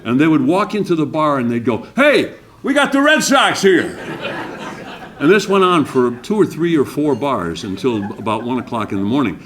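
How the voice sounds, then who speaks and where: An older awards emcee entertains a banquet-room breakfast crowd with a cheerful story, performing the quoted lines himself. He speaks fairly quickly with few pauses, in a mid-range voice full of lively intonation.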